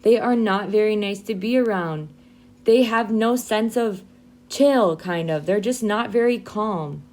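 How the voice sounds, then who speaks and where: Woman teaching English vocabulary slowly. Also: medium pitch, a little mellow. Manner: slow, clear modeling of phrases for learners to repeat. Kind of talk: ESL vocabulary lesson.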